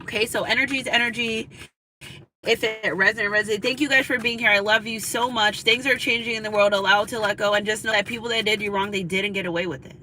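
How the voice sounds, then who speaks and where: A woman's voice: mid-range voice, steady tone, quick pace, bright, forceful tone, a little hiss or hum, low-quality recording. A woman giving a spiritual tarot reading, talking in a chatty, confiding way and often checking in with her listeners. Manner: chatty, confiding, repeats "you know what I'm saying". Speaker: tarot reader. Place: in a car.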